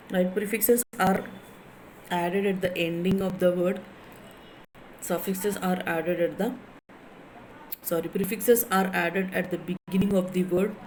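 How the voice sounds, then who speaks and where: A woman's voice: fairly low pitch, darkish tone, a little hiss or hum, poor audio. A woman lecturer in English with an Indian English accent, teaching a class, repeating key phrases and spelling words letter by letter.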